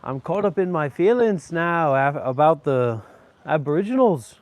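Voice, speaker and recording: A man's voice: on the high side, expressive, normal speed, no room sound. A man joking crudely in a put-on Australian accent, mock-boastful and swearing through a travel vlog. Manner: crude, swearing, ironic bravado. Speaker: vlogger. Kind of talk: comedic travel vlog monologue.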